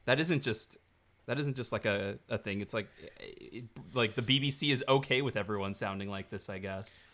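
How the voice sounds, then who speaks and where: Man, podcast co-host, bright tense voice, chatty and rambling. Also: fairly low pitch, moderate pace. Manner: chatty, laughs often, rambling. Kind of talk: casual movie chat.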